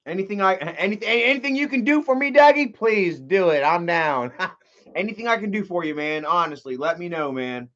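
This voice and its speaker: A man's voice: sits high, animated, moderate pace, a bit bright, muffled recording. A man livestreaming in casual chat, rambling and profane, with lots of filler words.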